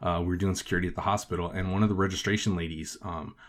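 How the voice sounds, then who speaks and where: Man, podcast host, low-ish voice, casual storytelling, swears a lot, says "like" constantly. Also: fairly even intonation, racing. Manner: profane, filler-heavy with frequent "like".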